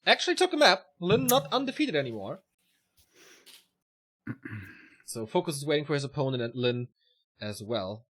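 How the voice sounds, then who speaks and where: A man's voice: a little high, very animated, normal speed, pauses often, fairly bright tone. A man co-casting a live strategy game match, relaying results and announcements and teasing his partner. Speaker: esports co-caster.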